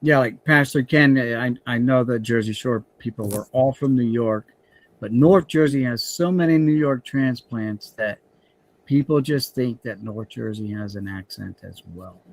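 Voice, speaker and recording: A man's voice: mid-range voice, measured pace. A man hosting a casual stream chat, telling rambling stories with many restarts.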